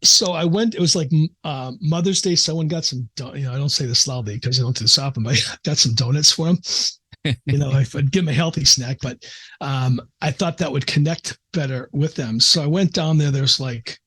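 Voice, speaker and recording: A man's voice: medium pitch, a little fast, bright, forceful tone, husky. A middle-aged man from the American Midwest, a psychiatrist guest, telling an earnest, emotional story in a casual interview with frequent restarts.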